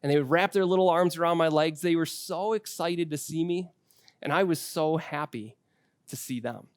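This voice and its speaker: A man in his forties preaches from the pulpit, his voice sitting a little higher than most men's. He talks to the congregation in an easy, conversational way, weaving in personal stories about his children. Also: normal speed, clean tone, no echo, clean studio sound. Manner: conversational storytelling with personal anecdotes. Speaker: pastor. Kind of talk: sermon.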